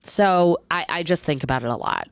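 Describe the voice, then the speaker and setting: A woman's voice: on the low side, brisk, dry recording. A woman in her thirties co-hosting a podcast, talking reflectively in long, searching runs. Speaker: podcast co-host. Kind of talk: casual chat.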